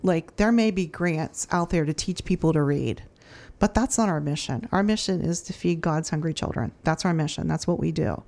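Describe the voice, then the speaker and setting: A woman's voice: low voice, moderate pace, gravelly, few pauses, darkish tone. Earnest woman telling a story. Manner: earnest storyteller, many restarts. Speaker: food charity director. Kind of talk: casual testimony.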